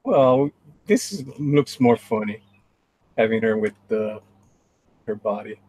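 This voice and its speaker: A man's voice: on the low side, lively intonation, slow pace, darkish tone, slight background noise, low-quality recording. A man on a live stream call, a guest drawing while he chats in a laid-back way. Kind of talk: casual call-in chat.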